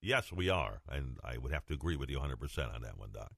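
A man co-hosting a radio show, agreeing and tossing in quick quips, then reading contest details. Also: rumbling low, lively intonation, a bit bright. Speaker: radio co-host. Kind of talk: casual radio banter and announcing.

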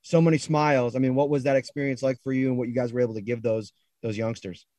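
A male sports reporter with a mid-pitched voice and a dry, close sound. He chats with a player and asks his questions casually. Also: steady tone, fast talker, darkish tone, no echo. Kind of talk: press conference questions.

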